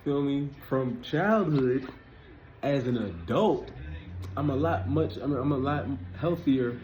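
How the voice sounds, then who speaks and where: A man's voice: medium pitch, slow, darkish tone, poor audio. Man in his thirties talking loose and casual. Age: 30s. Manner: loose, conversational, keeps asking "you feel me". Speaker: spiritual vlogger. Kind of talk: casual spiritual talk.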